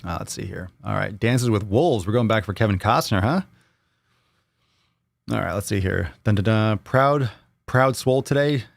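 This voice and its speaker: Casting: American man, livestream host, lowish voice, loose joking banter, dry close sound. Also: moderate pace, vocal fry, dry recording. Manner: rambling, repeats himself, joking banter with chat. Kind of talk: casual live Q&A chat.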